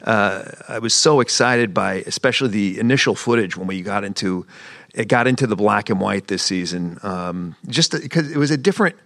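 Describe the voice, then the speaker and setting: A man producer on a panel, speaking haltingly with many restarts. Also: on the low side, a bit bright, no echo, studio quality. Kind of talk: panel conversation.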